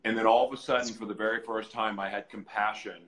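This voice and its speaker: Bright-voiced man telling his story. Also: fairly low pitch, quick pace, rough recording. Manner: earnest, animated, acts out shouted voices in retelling. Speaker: podcast guest. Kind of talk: candid personal storytelling. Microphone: live stream, reads comments on screen.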